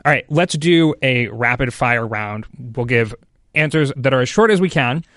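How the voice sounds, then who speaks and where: A male podcast host reading out listener questions in a casual chat, brisk and keeping things moving. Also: mid-range voice, expressive, a bit bright, no room sound, studio quality.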